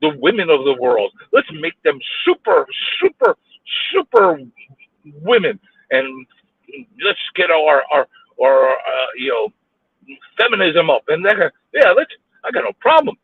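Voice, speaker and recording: A man's voice: a little high, very animated, a little slow, breathy edge, no echo. A man ranting alone in his car while stuck in traffic, exasperated and repeating himself as he swears. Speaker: vlogger ranting while driving. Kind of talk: angry live-streamed rant. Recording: tinny phone-like audio.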